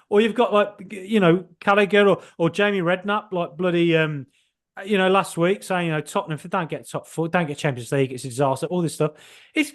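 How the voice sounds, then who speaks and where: A man hosts a casual football podcast in an animated, joking way. He swears mildly and often breaks off and restarts his sentences. His voice sits fairly high. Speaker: podcast host.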